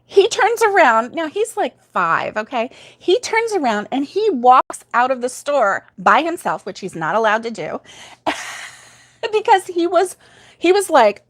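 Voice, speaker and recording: Here the older crochet livestream host sounds high-pitched, with big swings in pitch and a slightly slow delivery. Casual and chatty, she tells a story, laughs often, and reads out what viewers comment.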